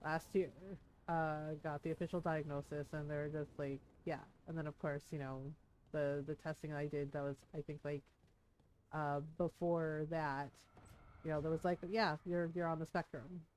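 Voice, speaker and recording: A woman's voice: sits low, normal speed, a little hiss or hum. A woman streamer chatting casually between game scenes, candid and emotional, laughing as she tells a personal story and acting out what people said. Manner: animated when acting out quotes.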